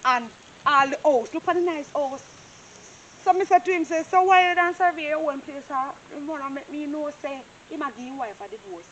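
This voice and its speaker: A gossipy, chatty surveyor with a Jamaican accent, high and bright in pitch, played by a woman. The recording sounds a little dull and carries a faint hiss, with the feel of a low-budget drama. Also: normal speed. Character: nosy talkative female surveyor, gossipy and quick to apologise. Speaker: property surveyor.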